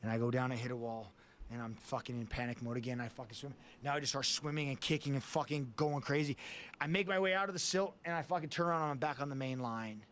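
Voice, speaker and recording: Profane storytelling man, mid-pitched. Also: quick pace, a bit bright, slight background noise. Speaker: guest. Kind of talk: casual storytelling.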